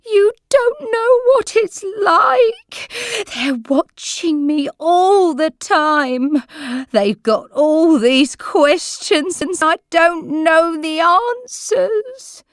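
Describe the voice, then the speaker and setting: A bewildered old woman , as a female narrator puts her on, speaking slowly with her pitch rising and falling widely. Her lost, fearful manner sounds close and dry. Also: sing-song, creaky, dry recording, heavily acted. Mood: distressed. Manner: wandering, frightened, then shouting and sobbing. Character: confused elderly woman with dementia.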